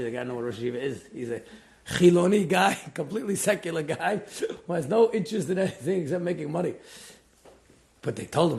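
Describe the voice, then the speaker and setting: A man's voice: fast talker, creaky. A man telling a story in a Torah class, acting out the characters big swings in voice. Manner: animated storyteller, acts out quotes with big pitch jumps. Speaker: rabbi.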